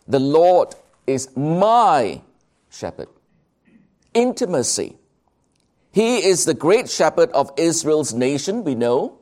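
A man preaching a sermon, slow and emphatic, drawing out key words. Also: on the high side, a little mellow.

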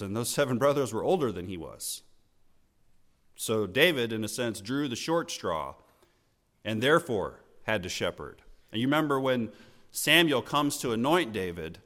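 A man preaching a sermon in an earnest, teaching tone, slowing down to stress key words and letting his phrases fall at the end. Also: mid-range voice, a bit bright. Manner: slow emphatic phrasing with falling line endings.

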